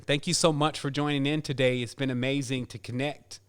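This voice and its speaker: A man's voice: mid-range voice, brisk, hardly any pauses, fairly bright tone, smooth. A man hosting a podcast, casually announcing giveaway winners and counting prizes aloud in an upbeat way. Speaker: podcast host.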